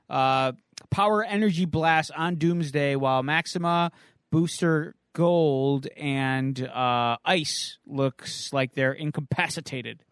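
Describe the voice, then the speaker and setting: A male podcast co-host rambles through a casual comic recap, pausing often for uhs and ums. His fairly high voice is a bit bright, clear and resonant, and the recording is dry, close and free of echo.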